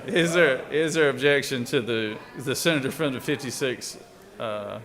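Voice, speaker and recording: A man presiding over a legislative floor session, moving between formal procedure and relaxed joking. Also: medium pitch, moderate pace, a crowd in the background. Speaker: presiding officer of a state senate.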